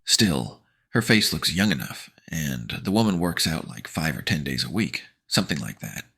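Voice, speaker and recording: A man's voice: a bass voice, big pitch swings, moderate pace, gravelly, pushed and bright, slightly rough. A man narrating a horror-comedy audiobook in first person as a sarcastic teenage boy, with slangy, wry asides. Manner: sarcastic slangy teen banter.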